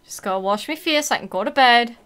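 A woman playing a horror game and commenting out loud, reading the text, swearing and reacting to scares. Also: a little high, lively intonation, brisk, clean tone. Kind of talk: let's-play commentary.

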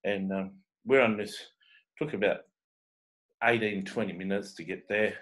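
A man with a fairly low voice tells his faith stories in a loose, conversational way. He stops and restarts often, leaning on "uh" and doubled words as he goes. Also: fairly even intonation, a bit bright, low-quality recording. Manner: halting, full of "uh" fillers and repeated words. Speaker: evangelist sharing testimonies. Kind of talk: casual testimony storytelling.

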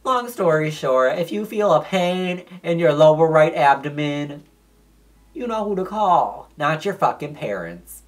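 A man vlogging to camera, telling a personal story in a casual, profane, animated way and acting out the dialogue. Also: fairly high pitch, a little slow.

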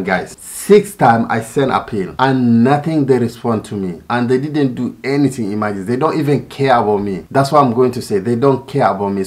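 A man's voice: medium pitch, a little mellow. A man talking casually to his viewers, frustrated, repeating himself and calling them "guys". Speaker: YouTuber. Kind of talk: casual vlog talk to viewers.

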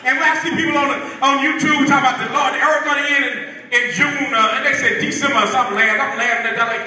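A man with a Southern US accent, preaching a sermon as pastor, swinging between shouts and low murmurs. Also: fairly even intonation, fast, hardly any pauses. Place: church sanctuary. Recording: echoey hall, far from the mic.

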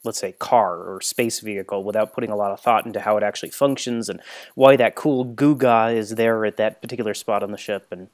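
A man's voice: fairly low pitch, fairly even intonation, fairly quick. Conversational man hosting an interview. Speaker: host. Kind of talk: casual interview.

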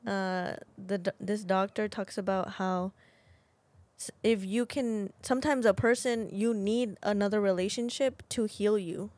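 A woman's voice: medium pitch, steady tone, measured pace, darkish tone, dry recording. A young woman with a mid-range voice co-hosts a podcast. She speaks frankly and swears in passing, in a casual chatty way. The recording is dry and close. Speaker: podcast host. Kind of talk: casual chat.

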